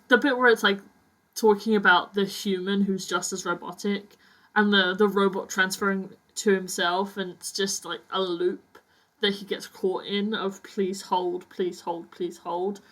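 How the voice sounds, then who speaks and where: A woman's voice: mid-range voice, a bit bright, low-quality recording. A woman hosting a poetry podcast, chatting casually about poems with lots of fillers and restarts, and reading them aloud. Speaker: podcast host.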